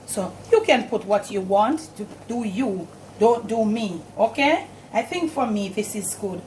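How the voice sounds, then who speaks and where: A woman's voice: medium pitch, expressive, unhurried, darkish tone, slight background noise. A middle-aged woman with a Jamaican accent hosting a home cooking demonstration, chatting to viewers as family and repeating "look at me here". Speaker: cooking show host. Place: home kitchen.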